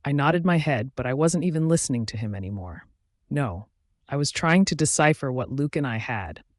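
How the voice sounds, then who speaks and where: Man, story narrator, first-person reading, steady even pace, mid pitch, dry close sound. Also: normal speed, dry recording.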